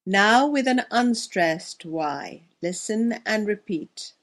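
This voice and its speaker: A woman teaching English pronunciation on a podcast, reading word lists slowly and clearly for listeners to repeat. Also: medium pitch, lively intonation, fairly bright tone. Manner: slow, careful, clearly enunciated word lists. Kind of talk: pronunciation drill lesson.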